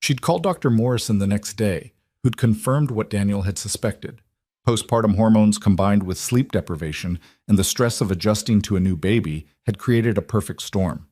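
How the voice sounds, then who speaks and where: A man reading a drama story aloud in a steady, even narration. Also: fairly low pitch, moderate pace, dry recording, clean studio sound.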